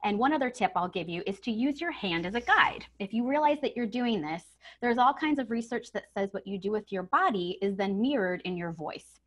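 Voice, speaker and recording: A woman giving a webinar lesson on using the voice, stressing key words and shifting her pitch and loudness to show each tip. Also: lively intonation, a little fast, few pauses. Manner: demonstrative, emphatic, varies pitch and volume to show tips. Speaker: communication trainer. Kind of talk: webinar coaching on voice. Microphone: home setup over video call.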